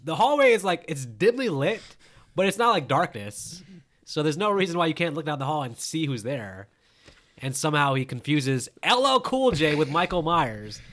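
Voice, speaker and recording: A man's voice: a little high, sing-song, normal speed, a bit bright. A man co-hosting a casual movie review chat, joking and laughing often. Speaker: podcast co-host.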